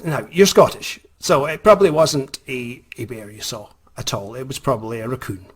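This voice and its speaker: A dry, skeptical park ranger with a husky edge and a flat, unimpressed delivery, as a storyteller puts him on. His voice sits in a plain middle pitch. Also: moderate pace, lightly acted. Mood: doubtful.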